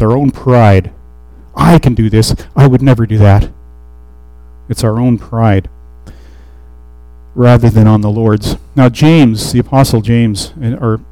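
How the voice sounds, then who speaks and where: A man delivering a sermon in a mellow, relaxed voice, reading scripture aloud and then unpacking it in an easygoing, conversational way. The sound is dry and close, with no room around it. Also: mid-range voice, no echo, rough recording. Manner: conversational Bible teaching with restarts and fillers. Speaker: preacher.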